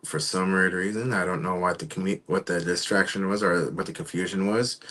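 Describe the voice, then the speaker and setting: A man hosting his own live online show, talking casually and haltingly while he waits for his guests. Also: low voice, steady tone, sharp tone. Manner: rambling, halting, trails off. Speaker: show host. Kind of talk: casual livestream talk.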